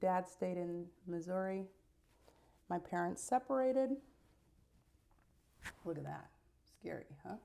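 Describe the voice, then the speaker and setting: Middle-aged woman, slow casual vlog talker, low gravelly voice, dry asides. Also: animated, mellow. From United States. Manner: chatty, unhurried storytelling with dry asides. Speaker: vlogger. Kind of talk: get-ready-with-me vlog chat.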